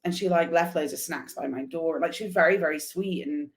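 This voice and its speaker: A woman guest telling a lively, casual story and acting out the dialogue. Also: deep voice, brisk. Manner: animated, acts out dialogue in anecdotes. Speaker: guest, motorcycle traveler.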